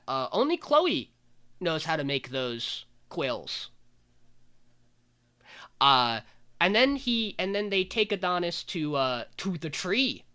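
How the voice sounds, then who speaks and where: A fairly high, bright-toned man talks through an anime episode on a casual podcast. He tells the plot in an animated way and drops in short acted-out quotes between fillers. His voice sounds light and forceful. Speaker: podcast host recapping anime.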